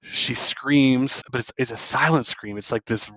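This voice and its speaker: A man's voice: mid-range voice, unhurried, fairly bright tone, lo-fi sound. A man hosting a podcast, loosely retelling a film scene by scene with plenty of fillers. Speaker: podcast host. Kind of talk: casual film recap.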